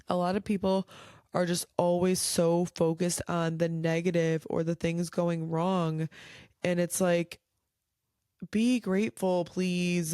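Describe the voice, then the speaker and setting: Late at night at home, this woman hosts her own show as a casual solo rant, blunt and weary, cursing openly and padding her speech with filler likes. The voice is lowish and a little mellow with a clean tone, recorded dry at studio quality.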